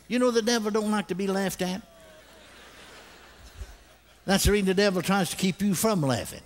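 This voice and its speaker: An older man preaching a sermon, telling stories animatedly and bursting into loud acted laughter. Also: high-pitched, fairly quick.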